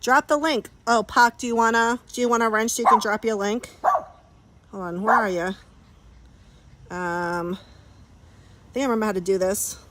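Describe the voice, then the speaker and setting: A woman's voice: fairly high pitch, normal speed, pauses often, noisy background. A woman chatting casually on a livestream from her backyard pool, laughing often and talking to her dogs.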